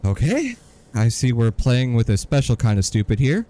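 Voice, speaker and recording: Man, podcast co-host, sarcastic rant, lively swooping voice. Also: mid-range voice, moderate pace. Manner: exasperated storytelling, sarcastic. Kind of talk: casual ranting podcast chat.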